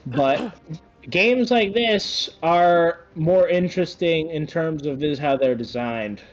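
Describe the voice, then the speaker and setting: A man's voice: fairly high pitch, takes it slowly, muffled recording, soft background music. Rambling male game commentator. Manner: rambling, self-correcting, excited bursts. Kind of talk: casual esports-style commentary.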